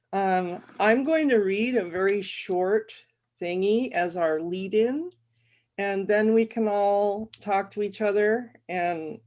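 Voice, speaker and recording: A woman's voice: mid-range voice, a little mellow. A woman author, chatty and self-deprecating, introducing a short story before she reads it. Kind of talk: casual intro before a reading.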